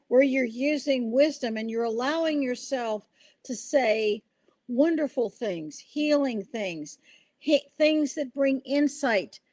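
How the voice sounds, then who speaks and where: A woman's voice: on the high side, a little mellow, no echo. An older woman hosting a podcast, telling stories in an earnest, rambling way with restarts. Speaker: podcast host. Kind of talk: casual podcast conversation.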